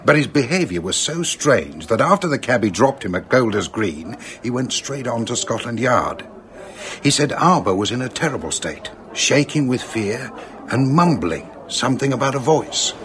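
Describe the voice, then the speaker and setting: Radio drama: no-nonsense inspector, mid-pitched, faint hiss behind. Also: male voice, big pitch swings, a bit bright. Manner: brisk, matter-of-fact. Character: brisk male Scotland Yard inspector. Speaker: police detective.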